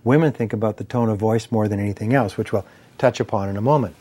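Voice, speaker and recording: A man delivering a motivational lecture on persuasion, measured and emphatic, ticking through points in steady lists. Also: on the low side. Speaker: speaker on persuasion and sales.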